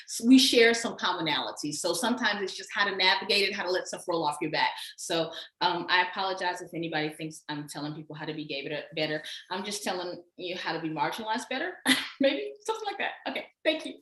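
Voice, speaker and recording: A woman's voice: medium pitch, roomy sound, low-quality recording. A woman from Texas with a Southern accent, an author talking about her book in a casual conversation. She speaks emphatically and laughs easily. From Texas, USA. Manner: lively, emphatic, quick to laugh.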